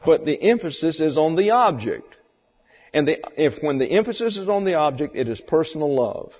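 A man's voice: on the high side, big pitch swings, moderate pace, breathy edge. Folksy male Bible teacher, muffled hall. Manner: folksy, explanatory, rhetorical questions. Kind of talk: sermon lecture. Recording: muffled recording in a reverberant hall.

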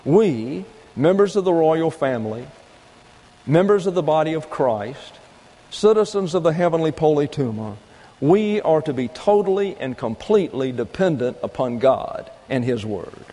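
Guy preaching a sermon, point by point, mellow voice, big hall echo. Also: on the high side, big pitch swings. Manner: deliberate teaching with numbered points and read-out verses. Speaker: pastor.

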